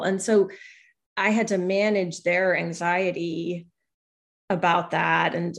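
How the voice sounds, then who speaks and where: A woman's voice: lowish voice, fairly even intonation, measured pace, vocal fry. A woman guest speaking candidly and reflectively in an interview, often acting out what other people said to her. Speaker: guest, newspaper columnist.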